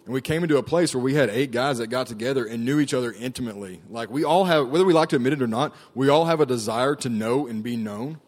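A man's voice: medium pitch, fast talker, hardly any pauses. A man giving a personal testimony to a group, telling his story casually with lots of fillers. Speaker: ministry staff member giving testimony.

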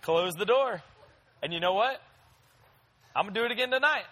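A man's voice: high voice, animated, normal speed, a bit bright, poor audio. A young man preaching a sermon in a conversational, storytelling way, talking straight to his listeners. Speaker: pastor.

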